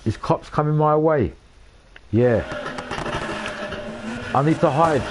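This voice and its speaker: A young man talks his viewers through a racing game. He swears freely and gets heated when things go wrong. His voice sits a little high. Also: takes it slowly, heavy background noise. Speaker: live-streaming gamer. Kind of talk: casual gameplay commentary.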